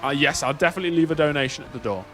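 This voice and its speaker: A man's voice: on the high side, rapid-fire, music in the background, lightly acted. A man putting on an overly polite gushing man. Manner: effusive, eager, fawning.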